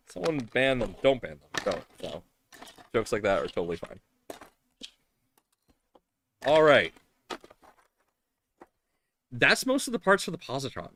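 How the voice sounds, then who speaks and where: A man's voice: medium pitch, wildly swooping pitch, a little slow, pauses often, fairly bright tone, slight background noise. A man hosting a casual live stream from a home workshop, talking in a rambling way with lots of fillers and restarts. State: tearful at times. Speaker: live-stream host building a 3D printer.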